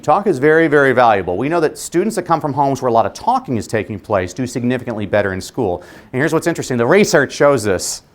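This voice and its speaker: Man, keynote speaker; lively, wide-ranging pitch, comic timing, live audience. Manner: animated, humorous, punchy. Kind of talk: motivational conference keynote. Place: conference venue before a live audience.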